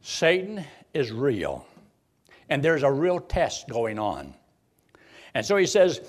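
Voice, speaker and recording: A man's voice: mid-range voice, wildly swooping pitch, slow, long pauses. A man preaching a sermon in a dramatic, folksy way, full of rhetorical questions and acted-out scenes.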